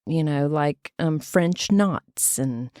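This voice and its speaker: Chatty woman, lowish voice. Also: takes it slowly, warm tone, dry recording, clean studio sound. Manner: chatty, laughs often, slips into playful put-on voices. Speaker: podcast co-host. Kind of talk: casual chat.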